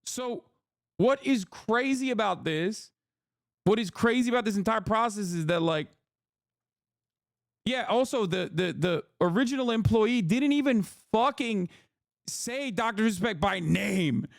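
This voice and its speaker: A man with a very high-pitched voice hosts a stream and rants in casual commentary. He swears freely and mocks with open disbelief. The sound is close and dry, with no room echo. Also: lively intonation, measured pace, gravelly. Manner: profane, incredulous, mocking. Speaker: streamer host.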